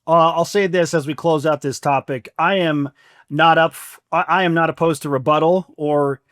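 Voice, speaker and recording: A man hosting a podcast, telling stories in an animated way and giving firm opinions. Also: on the high side, normal speed, no room sound, clean studio sound. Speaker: podcast host. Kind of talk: casual chat.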